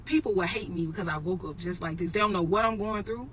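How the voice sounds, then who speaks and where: Animated woman telling a story straight to camera. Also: fairly low pitch, fast, slight background noise, low-quality recording. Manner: animated, addresses viewers as y'all, emphatic repetitions. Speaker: storytelling vlogger. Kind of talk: casual storytelling to viewers.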